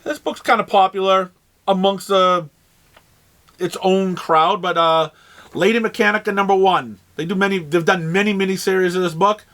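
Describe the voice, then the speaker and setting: A man with a New England accent and a high voice talks casually through a shop's new arrivals. He rambles, trails off and restarts his phrases, with plenty of ums along the way. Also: steady tone, moderate pace, fairly bright tone. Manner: rambling, with frequent fillers and restarts. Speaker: comic shop host. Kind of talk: casual product rundown.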